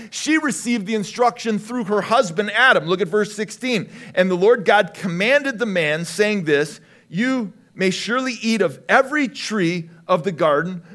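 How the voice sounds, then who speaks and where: A man preaching a sermon as pastor, lively and emphatic, at times rising to shouts. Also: high-pitched.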